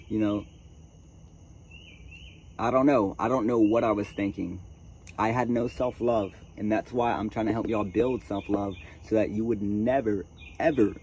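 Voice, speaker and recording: A man tells a dramatic story straight to his viewers, calling them chat and y'all as he goes. His voice sits fairly low, and faint crickets and birds sound behind him outdoors. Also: darkish tone, a little hiss or hum. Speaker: vlogger. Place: outdoors at a tent camp.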